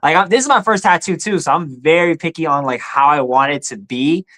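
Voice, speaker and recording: Earnest young man, halting speech. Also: on the high side, a bit bright. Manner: earnest, halting, many fillers and restarts. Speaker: podcast guest. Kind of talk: casual interview chat.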